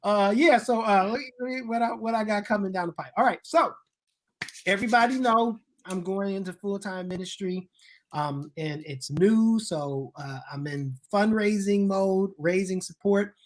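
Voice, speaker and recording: A co-host on a video call who talks in an animated, joking, colloquial way. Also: medium pitch, measured pace. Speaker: co-host, ministry worker. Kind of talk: casual online talk show.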